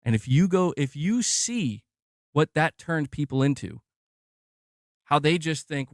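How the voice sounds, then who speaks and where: A man's voice: fairly high pitch, lively intonation, a little slow, pauses often, dry recording, faint music behind. A man ranting heatedly and defensively, swearing often and mocking his critics. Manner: agitated, profane, mocks critics in put-on voices.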